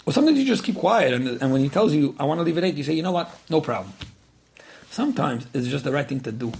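A man's voice: fairly high pitch, very animated, fast, vocal fry, darkish tone, a little hiss or hum. A man giving earnest advice in answer to a listener's letter, often repeating words and acting out what people might say. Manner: earnest, repeats words, acts out quoted speech. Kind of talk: advice talk.

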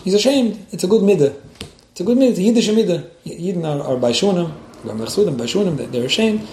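A man voicing an elderly rabbi who speaks gently and reassuringly, in an echoey room. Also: sits high, animated, quick pace, voice pushed up.

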